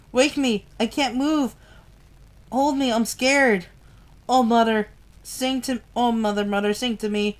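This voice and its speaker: A woman voicing a terrified young man trapped and pleading for his mother, speaking in halting, desperate bursts. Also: fairly high pitch, close to an everyday voice.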